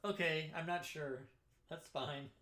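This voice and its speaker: A man's voice: on the high side, steady tone, unhurried, sharp tone, a little hiss or hum. A man playing in an online tabletop game, bantering playfully with the game master. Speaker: player. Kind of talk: casual tabletop game chat.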